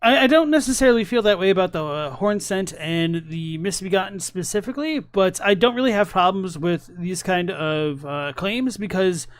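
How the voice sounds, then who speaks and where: Young guy streaming, chatty and rambly, high smooth voice, dry close sound. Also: moderate pace, few pauses, dry recording. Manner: relaxed, rambling, many fillers and restarts. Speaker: streamer reacting to videos. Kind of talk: casual live-stream commentary.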